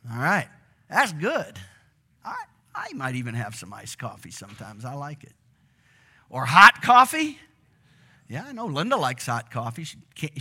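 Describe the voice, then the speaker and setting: A middle-aged man preaching a sermon to a congregation in a church, animated and often asking them questions. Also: a little high, creaky, slightly rough. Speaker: pastor.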